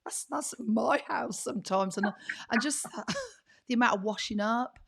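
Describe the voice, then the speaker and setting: A middle-aged woman co-hosting a podcast, chatting and laughing with a husky, fading voice. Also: on the high side, a little slow, a bit bright. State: losing her voice, husky. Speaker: podcast co-host. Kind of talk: casual chat.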